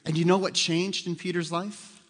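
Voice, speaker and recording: Higher-voiced man preaching in a reverberant hall. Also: flat delivery, normal speed. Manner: conversational, asks the congregation questions. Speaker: pastor. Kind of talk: sermon.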